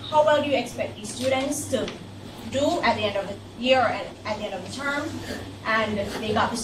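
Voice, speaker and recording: A woman student with a fairly high voice questions the lecturer in a skeptical way. She is picked up from across a roomy classroom. A steady noise sits under her voice. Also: fairly quick. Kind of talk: classroom discussion. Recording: echoey room from far off.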